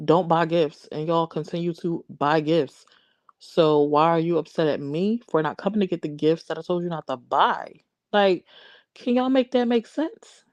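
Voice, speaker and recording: A woman's voice: fairly low pitch, no room sound, muffled recording. A woman hosting a casual livestream, chatting and answering viewers by name. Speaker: livestream host. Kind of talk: casual live chat.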